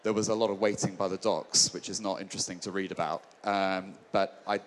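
Very deep-voiced man recalling his travels. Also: steady tone, brisk. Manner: loose, restarting, self-deprecating. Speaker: traveller and author, interview guest. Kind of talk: casual storytelling interview.

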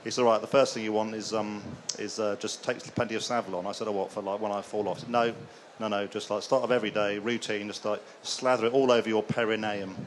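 A man on a live panel, telling jokey stories in a quick, chatty way. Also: on the low side, steady tone, slight background noise. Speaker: panelist, long-distance cyclist. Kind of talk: casual panel chat.

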